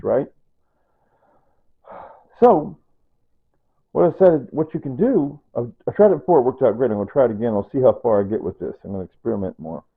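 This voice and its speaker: A man's voice: mid-range voice, vocal fry, husky, narrow, tinny audio. A man chatting loosely while cooking in his home kitchen, rambling and repeating himself as he explains each step. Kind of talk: unscripted cooking video chat.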